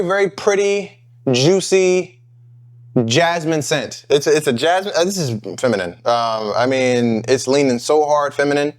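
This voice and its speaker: A man hosting a casual review vlog, chatting off the cuff. His voice sits a little higher than most men's, and he thinks out loud, trailing into fillers and correcting himself as he goes. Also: smooth. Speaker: fragrance reviewer, channel host.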